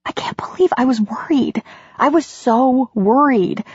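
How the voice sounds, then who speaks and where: An emotional, self-doubting romance heroine, voiced by a woman narrator, her breathy voice rising high and quick. The recording is dull and lo-fi. Her lines tumble out fast and a little shaky. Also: darkish tone, no echo.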